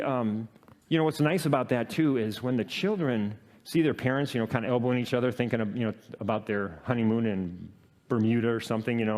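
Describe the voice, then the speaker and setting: A man giving a talk to an audience, telling a personal work story in a halting way with many fillers and self-deprecating laughs. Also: medium pitch, a little mellow.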